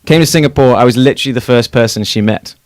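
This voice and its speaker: A man's voice: medium pitch, no echo. A man in his thirties from England, with an English accent drifted toward American, telling stories as a guest in a radio studio. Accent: English mixed with American. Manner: lively storyteller, quick animated talk. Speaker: TV show host, guest. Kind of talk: radio interview. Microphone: studio microphone.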